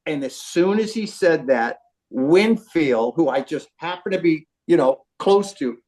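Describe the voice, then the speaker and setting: An older man tells an old baseball story over a phone call, lively and animated. His voice sits a little high, and he acts out the quotes with plenty of swearing. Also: measured pace. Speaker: baseball trainer telling a story.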